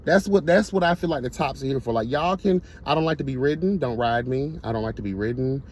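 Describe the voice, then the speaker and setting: A man's voice: mid-range voice, quick pace, slight background noise. A man telling a casual storytime monologue to his viewers, blunt, profane and emphatic. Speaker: storyteller vlogger.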